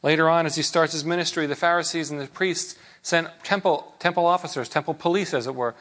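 Man, pastor, conversational sermon, slightly high voice, rhetorical questions. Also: fairly quick, a bit bright.

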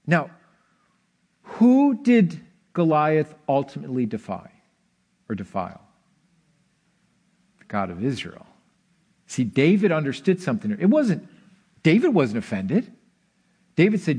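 A man preaching a sermon, telling a scripture story in an animated way, with bursts of excitement and dramatic slowdowns. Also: high-pitched. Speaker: pastor.

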